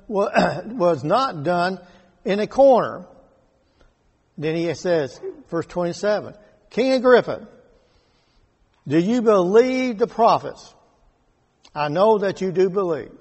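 Slow, husky man teaching Bible study. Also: sits high, a little mellow. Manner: slow and deliberate, rereading scripture verses aloud. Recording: echoey hall with long reverb.

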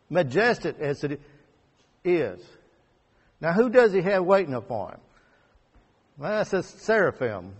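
A man's voice: a little high, slightly rough. Man preaching a sermon in a reverberant hall. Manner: conversational preaching, rising to emphatic peaks and dropping to quiet asides.

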